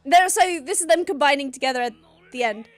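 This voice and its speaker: A woman's voice: high-pitched, a little fast, faint music behind. A woman hosting a reaction video, exclaiming, gasping and laughing as she watches. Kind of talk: excited reaction commentary.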